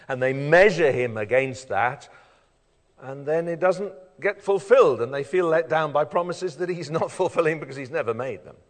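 A man preaching a sermon. He moves between loud emphasis and hushed intensity and keeps asking the listeners questions. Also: medium pitch. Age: adult, father of children. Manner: animated, swings from loud emphasis to quiet intensity, asks rhetorical questions. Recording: reverberant hall.

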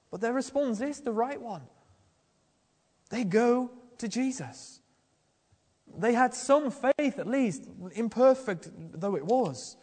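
A man delivers a sermon, earnest and searching, circling back to restart his phrases as he works through the text. His voice sits fairly high for a man, and it carries with a long reverberant tail through a church hall. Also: animated, slow, darkish tone, breathy edge. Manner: earnest, questioning, with frequent restarts. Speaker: preacher.

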